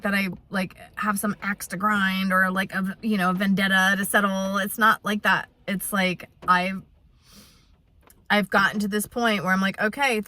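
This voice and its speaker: Bright-voiced woman in her fifties rambling. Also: medium pitch, a little hiss or hum. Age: 50s. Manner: rambling and heartfelt, many restarts. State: close to tears. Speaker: vlogger. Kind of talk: unscripted personal vlog. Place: in her truck on a rainy day.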